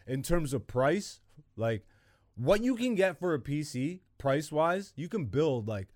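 A male podcast host ranting in a casual monologue, animated and profane, with exasperated loud bursts. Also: on the high side, a little slow, no echo, studio quality.

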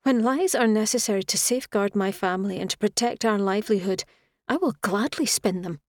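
A woman voicing a proud young woman healer, speaking in a raised, sharp and defiant way. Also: mid-range voice, a little fast, no echo, studio quality, close to an everyday voice.

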